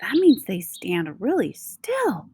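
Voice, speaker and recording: A woman reading a picture book aloud to children, slow and expressive, pausing to explain words. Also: mid-range voice, a little hiss or hum.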